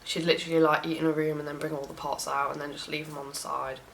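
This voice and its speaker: Young woman, lowish voice, casual storytime rant, swears freely, animated. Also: fast, gravelly, a little hiss or hum, rough recording. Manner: frank, swears often, animated retelling. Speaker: vlogger.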